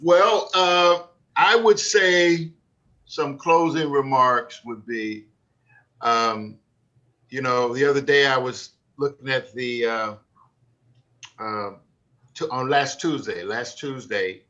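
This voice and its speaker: A man moderating a church talk program, giving closing devotional remarks in an unhurried, earnest way with frequent fillers. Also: mid-range voice, fairly even intonation, sharp tone. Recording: dull lo-fi sound.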